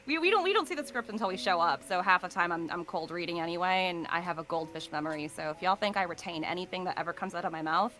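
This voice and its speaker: A woman's voice: fairly low pitch, fast, few pauses, fairly bright tone, low-quality recording. A woman voice actor chatting as an interview guest, rambling with many fillers and easy laughs. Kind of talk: casual interview chat.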